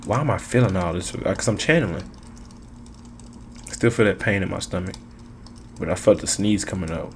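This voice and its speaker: Male tarot reader, lowish voice, emphatic and repetitive, casual street slang. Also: moderate pace, gravelly, pauses often, slight background noise. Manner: preachy, emphatic, repeats phrases, slangy.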